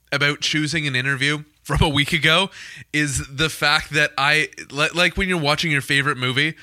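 A man hosts a casual podcast and reacts to stories with open enthusiasm. His voice is very bright and a little high. The room sounds dry and close. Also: no room sound. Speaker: podcast host. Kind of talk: casual chat.

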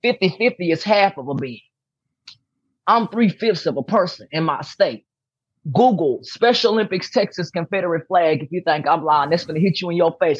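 Emphatic woman interview guest, husky voice, dull dry recording, hammers points home. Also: on the low side, lively intonation, moderate pace, no echo. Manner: emphatic, repeats key points. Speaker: podcast guest, athlete. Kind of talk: candid interview talk. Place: room at home with posters behind.

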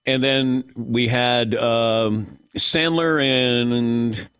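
A middle-aged man hosting a sports talk radio show, telling stories in an animated way with quick asides. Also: medium pitch, clear, resonant tone, no echo, studio quality.

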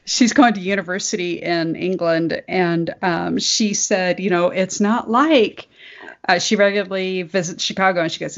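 A woman's voice: fairly low pitch, moderate pace, muffled recording. A woman co-hosting a podcast in casual chat, laughing often and correcting herself as she talks. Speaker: podcast co-host.

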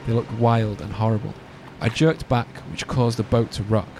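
This male podcaster has a fairly low voice and a moderate pace, with noise in the background. He's reading a spooky tale in a relaxed storytelling style, lively and tossing in jokes between passages.

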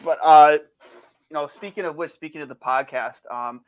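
Dude rambling through hockey stories, swears a lot, laughs, sounds kinda muffled and dry. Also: male voice, on the high side, normal speed, no room sound. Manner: rambling, laughing storyteller with many restarts and swearing. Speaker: podcast guest. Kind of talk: casual chat.

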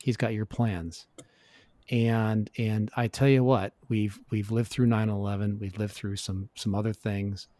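A man's voice: fairly low pitch, little pitch movement, measured pace, dark tone. A middle-aged man speaking as a guest in a casual interview, telling his story in an earnest, reflective way. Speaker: podcast guest.

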